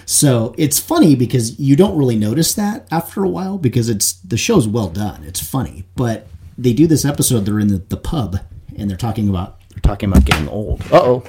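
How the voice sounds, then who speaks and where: A man co-hosting a podcast in casual chat, telling stories in an animated way and laughing often, speaking close to a desk microphone. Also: medium pitch, a little fast. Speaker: podcast co-host. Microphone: desk mic without boom, close to face.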